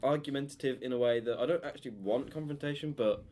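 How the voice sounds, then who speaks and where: A young English man with a Birmingham accent co-hosts a casual chat podcast, rambling through a long story full of restarts and laughter. His voice is medium-pitched, quick, and a little mellow.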